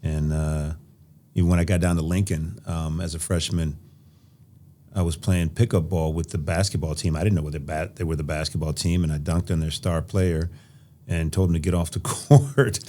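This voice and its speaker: A man from Nebraska, a podcast guest, telling stories from his past in an animated way with an occasional laugh. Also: rumbling low, normal speed. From Nebraska, USA. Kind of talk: casual interview storytelling.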